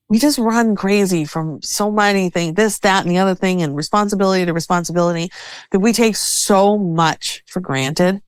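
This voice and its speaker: A woman speaking as a guest on a podcast, her low-ish voice smooth and resonant. She talks in an animated, conversational way. The sound is close and dry, with no room echo. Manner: animated, acts out inner voices in quotes. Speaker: podcast guest, self-care expert. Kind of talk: conversational interview.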